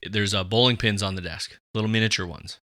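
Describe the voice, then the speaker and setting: A man co-hosting a podcast in casual chat, animated and rambling with lots of fillers. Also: on the low side, brisk, dry recording, clean studio sound. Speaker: podcast co-host.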